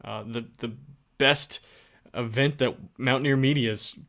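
A man's voice: mid-range voice, fairly even intonation, measured pace, creaky, a bit bright. A man from West Virginia co-hosting a podcast, upbeat and urging, repeating phrases for emphasis. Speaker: podcast co-host. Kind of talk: casual podcast chat.

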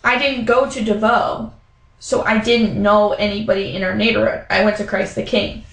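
A young woman with a mid-range voice chats at a moderate pace, acting out quoted voices in a lively story with lots of "um" and "like." The recording is low quality and has a roomy sound.

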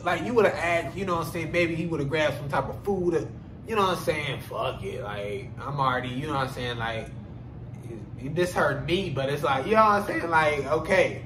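There's background noise and reverb as a podcast host with a voice on the high side tells a story at normal speed. His casual monologue is animated and profane, with frequent fillers and laughter.

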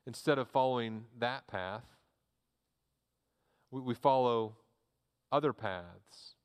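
A man's voice: lowish voice, clean tone, in a large hall. A man, a pastor preaching a sermon in a church, earnest and repeating words as he restarts his phrases.

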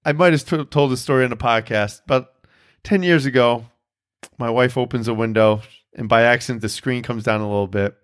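A man's voice: mid-range voice, a little fast, clear, resonant tone. Man telling a rambling profane story. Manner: rambling, profane storytelling with self-mocking laughs. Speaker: podcast host. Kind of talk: casual chat.

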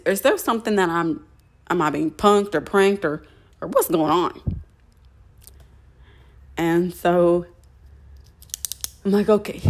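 A young woman hosting a podcast, telling a personal story in a chatty way with many fillers and restarts. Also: on the low side. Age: young adult. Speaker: podcast host.

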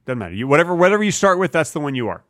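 A man's voice: a little high, sing-song, very fast, a bit bright, dry recording, clean studio sound. A man co-hosting a comedy podcast, joking in a playful, mock-serious way. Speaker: podcast co-host. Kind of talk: comedic casual chat.

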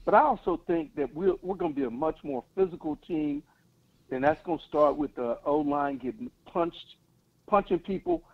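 A high-voiced man speaks bluntly and with confidence, laying out his opinions in casual call-in chat. The sound is thin and tinny, as if coming down a phone line. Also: moderate pace. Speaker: caller.

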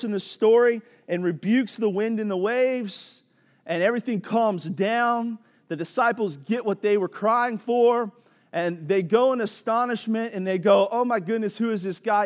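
A man's voice: sits high, in a large hall. A man preaching a sermon as pastor, talking casually with slang and building in intensity. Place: church sanctuary.

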